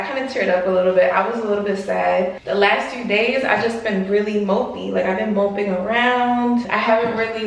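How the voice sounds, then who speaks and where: A woman's voice: medium pitch, recorded from a distance. A woman in her twenties from Long Island, New York, candidly talking to her camera at home in a casual confessional vlog, swearing casually as she chats. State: pregnant. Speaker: vlogger. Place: room at home in front of a mirror. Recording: very echoey room, voice off-mic.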